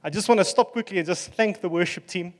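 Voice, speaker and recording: A man preaching a sermon as pastor, earnest and relaxed, with fillers and asides. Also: high voice, quick pace, big-room sound.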